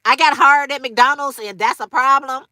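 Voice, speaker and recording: A woman's voice: sits high, normal speed, pushed and bright, no echo, clean studio sound. A woman hosting a casual livestream, talking straight to viewers, repeating phrases for emphasis with slangy asides. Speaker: livestream host.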